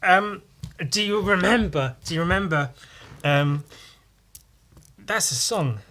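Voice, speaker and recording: A man's voice: high voice, takes it slowly, background noise. A man hosting a podcast, rambling casually with crude, self-mocking humour while he draws. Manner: talks while drawing. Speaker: podcast host.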